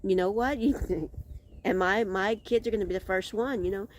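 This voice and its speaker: Against slight background noise, a middle-aged woman with a mid-range voice speaks at a moderate pace. Hosting an outdoor vlog, she reflects casually and candidly, rambling and frequently starting her thoughts over.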